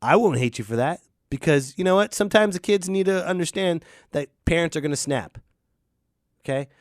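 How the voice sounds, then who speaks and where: A man hosting a comedic rant, swinging between loud outbursts and muttered asides. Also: on the high side, animated, brisk, dry recording, studio quality. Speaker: podcast host.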